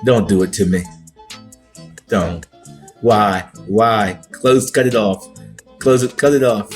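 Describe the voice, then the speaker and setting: A man's voice: on the low side, takes it slowly, soft background music. A man talking as a guest on a sports podcast, in playful, exclamatory banter. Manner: animated and exclamatory, playful swoops.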